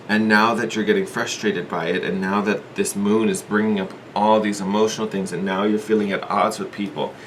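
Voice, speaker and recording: A man's voice: on the low side, a bit bright, a little hiss or hum. A man giving a casual tarot reading, thinking aloud with hedges and repeats in an earnest, encouraging way. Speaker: tarot reader.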